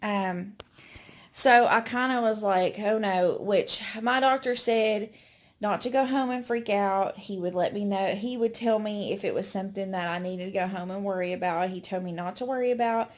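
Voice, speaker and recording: A woman's voice: medium pitch, normal speed. A pregnant woman giving a casual, chatty update to her channel, a little out of breath, with many ums and restarts. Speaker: vlogger.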